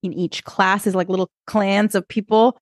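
A woman in her thirties, co-hosting a podcast and telling a lively story in a casual chat. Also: mid-range voice, moderate pace, no room sound, clean studio sound. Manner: animated storyteller, acts out kids and herself. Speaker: podcast co-host.

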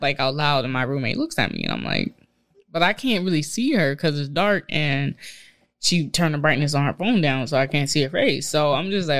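A woman's voice: low-pitched, moderate pace. A young woman casually telling a long, profane college dorm story with plenty of laughter. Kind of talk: casual podcast chat.

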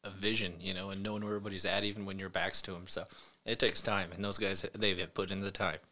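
A man's voice: low-pitched, level tone, quick pace, sharp tone. A man as a guest on a casual podcast, easygoing and filling his talk with "you know" and "uh". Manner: laid-back, lots of fillers like "you know" and "uh". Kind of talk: casual chat. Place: small podcast studio.

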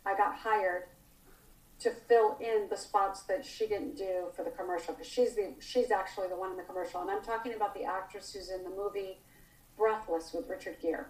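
A middle-aged woman telling a story in casual chat. She is animated and acts out the dialogue as she goes. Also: medium pitch, fairly quick. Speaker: guest storyteller. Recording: roomy echo.

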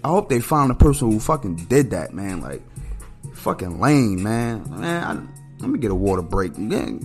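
A man rants through his solo show in a loose, profane way, tossing "man" onto nearly every line. His pitch jumps around a lot, spiking when he is outraged or amused. Faint music plays under his voice. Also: big pitch swings, normal speed, darkish tone. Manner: blunt, profane, ranting with heavy filler "man". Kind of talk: casual solo commentary.

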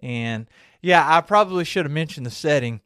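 Laid-back, slightly high-voiced male podcaster. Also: lively intonation, normal speed, a bit bright, clear, resonant tone, no room sound. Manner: rambling storyteller, laughs often. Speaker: podcast co-host. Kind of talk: casual chat.

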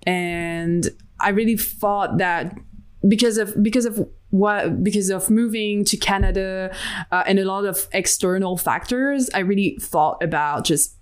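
A young digital artist with a clear, resonant, mid-range voice and a measured pace is interviewed about her art. She speaks candidly and reflectively in a casual conversation, with lots of fillers and restarts.

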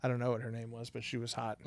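A man's voice: mid-range voice, completely flat delivery, fast talker, vocal fry, no room sound. A man co-hosting a casual podcast, rambling with lots of fillers and frequent laughs. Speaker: podcast co-host. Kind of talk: casual chat.

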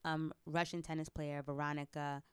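A woman co-hosting a podcast in casual chat, chatty and quick to laugh. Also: sits low, little pitch movement, clear, resonant tone, no room sound. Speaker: podcast co-host.

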